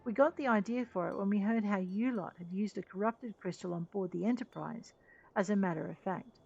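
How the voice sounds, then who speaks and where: A loud, eager male engineer from a game blusters about his designs in a gravelly voice, as a woman puts him on. The recording is slightly dull, with faint music playing behind. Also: mid-range voice, brisk. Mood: enthusiastic.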